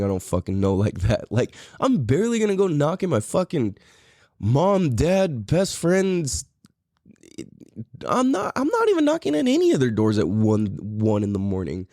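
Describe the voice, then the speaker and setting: Male podcast host, young adult, swings his pitch wide, dark mellow tone, dry close sound, cussing rant. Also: no echo. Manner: profane, animated, exasperated storytelling. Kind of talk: casual storytelling rant.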